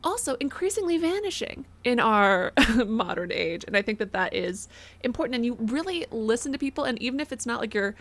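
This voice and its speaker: A woman's voice: a little high, big pitch swings, brisk, a bit bright. A young woman streaming a game, chatting casually, giggling, reading donations aloud and yelping when startled. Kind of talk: casual live gameplay commentary.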